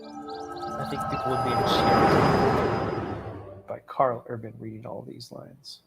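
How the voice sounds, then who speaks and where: A woman's voice: very deep voice, level tone, slow pace, gravelly, over music. A woman hosting a casual game playthrough, giggly, self-mocking and chatty. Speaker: host. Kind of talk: casual let's play commentary.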